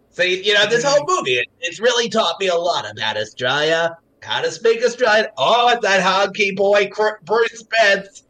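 A man's voice: high voice, animated, a little slow, pushed and bright, pitched above the performer's own voice, exaggerated voice. A man doing a flighty, camp actress voice. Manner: camp, flighty, silly put-on accents. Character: eccentric woman film actress popping in. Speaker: co-host.

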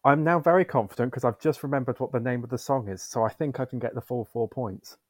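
A man's voice: medium pitch, quick pace, breathy edge, no echo. A man speaking as a guest on a podcast, confident and conversational. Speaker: guest from a fan news site. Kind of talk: casual chat.

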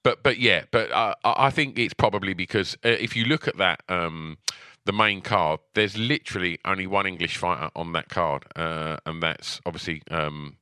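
Deep, crisp-voiced man, halting podcast co-host. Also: bright, forceful tone, no room sound. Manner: halting, many ums and restarts, dry teasing. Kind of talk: casual chat.

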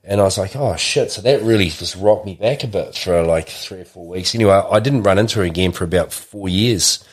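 A man's voice: low voice, fairly quick, husky. A man, telling a long personal story in casual chat, rambling with many restarts. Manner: rambling, restarts often, acts out quotes.

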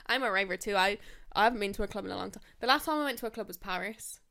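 Fast-talking Brummie woman with a gravelly edge. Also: medium pitch, bright, forceful tone. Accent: Birmingham. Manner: chatty, teasing, swears casually. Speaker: podcast co-host. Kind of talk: casual chat.

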